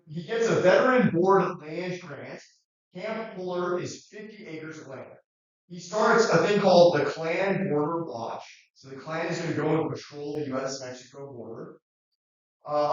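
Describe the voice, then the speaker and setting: A man giving a casual, animated classroom lecture, acting out quotes as he goes. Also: on the high side. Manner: conversational, animated, acts out quotes. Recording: echoey, distant, dull recording.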